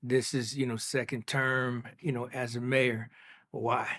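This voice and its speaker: A man's voice: medium pitch, flat delivery, measured pace, a bit bright. A man hosting a studio interview, talking enthusiastically and often repeating words as he starts his sentences. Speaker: podcast host.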